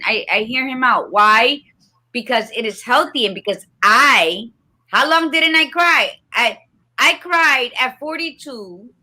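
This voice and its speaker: A woman's voice: fairly high pitch, sharp tone. A woman in her fifties in casual podcast chat, frank and earthy, dropping Spanish phrases into her talk. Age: 50s.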